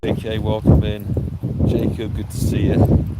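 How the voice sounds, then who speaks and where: A man's voice: on the low side, monotone, measured pace. A man hosting a live stream, chatting casually, greeting viewers by name and catching his breath. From United Kingdom. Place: outdoors by a road. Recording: clear outdoor traffic noise.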